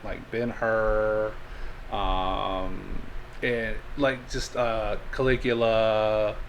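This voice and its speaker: A man's voice: on the low side, flat delivery, very slow, a little hiss or hum. A man hosting a podcast, telling stories in casual chat, joking and laughing often. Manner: storytelling, jokey, laughs often. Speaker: podcast host.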